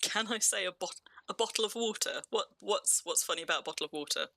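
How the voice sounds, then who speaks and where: A game streamer from England speaks fast in a mid-range, gravelly voice with a sharp tone and a near-RP southern English accent. He keeps up casual live-stream commentary as he plays, laughing often and restarting sentences. The recording has no room sound.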